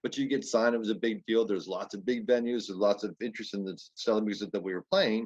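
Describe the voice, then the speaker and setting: A man's voice: fairly low pitch, steady tone, a little mellow. A man hosting a podcast interview, chatty and informal as he asks questions. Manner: chatty, fast-talking. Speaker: podcast host. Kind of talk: casual interview talk. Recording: dull lo-fi audio.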